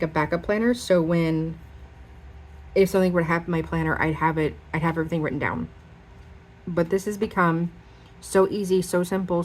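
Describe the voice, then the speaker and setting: A young woman chatting casually as she shows off her planners, rambling with lots of fillers. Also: fairly low pitch. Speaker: planner vlogger. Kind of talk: casual show-and-tell chat.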